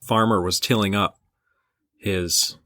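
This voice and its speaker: A man's voice: on the low side, fairly even intonation, takes it slowly, pushed and bright, dry recording, clean studio sound. A young man from Michigan co-hosting a podcast, telling rambling stories with enthusiasm in casual chat. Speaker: podcast co-host. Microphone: podcast microphone.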